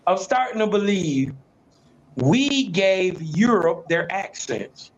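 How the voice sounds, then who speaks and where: A man's voice: high-pitched, expressive, slow, dull audio, a little hiss or hum. A man co-hosting a casual chat, laid-back and swearing, laughing often.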